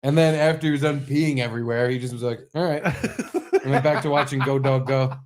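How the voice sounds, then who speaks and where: A man's voice: fairly even intonation, a little fast, a little mellow, a little hiss or hum. Chatty man telling loose stories. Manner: loose storytelling, mimics his toddler in high voices. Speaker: podcast co-host. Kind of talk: casual chat.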